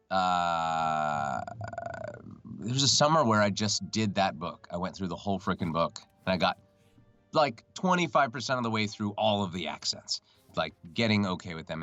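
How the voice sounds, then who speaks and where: A man guest on a call, talking in a relaxed, rambling, self-deprecating way from home. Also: deep voice, no room sound, muffled recording. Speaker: guest voice actor. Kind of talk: casual chat on a call. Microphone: computer mic over a video call.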